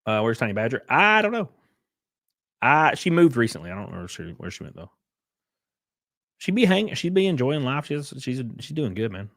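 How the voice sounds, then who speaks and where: Laid-back rambling American streamer. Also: male voice, mid-range voice, very animated, fast talker, few pauses, fairly bright tone, no room sound, clean studio sound. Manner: sings snatches of a theme song. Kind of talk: casual live-stream chat.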